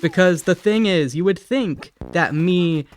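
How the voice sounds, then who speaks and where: 20s dude w a faint ohio accent, rambly streamer talk, cusses a lot, soft music under it. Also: male voice, sits high. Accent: subtle Ohio. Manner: rambling, swears freely, quick laughs. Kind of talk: casual chat while gaming.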